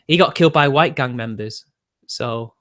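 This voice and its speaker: A man's voice: mid-range voice, normal speed, fairly bright tone. A young man, arguing defensively with his live-stream chat and laughing between points.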